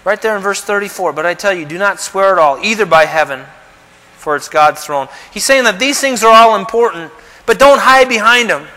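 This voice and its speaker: A man's voice: sits high, expressive, a little fast, pushed and bright. Man, pastor, preaching, rhetorical questions, acted quotes, echoing hall. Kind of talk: sermon.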